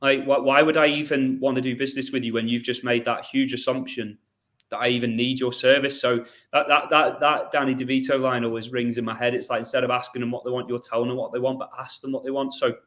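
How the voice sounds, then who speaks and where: A man's voice: mid-range voice, fairly bright tone. A man hosting a podcast in a casual, chatty way, often restarting and repeating words. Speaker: podcast host.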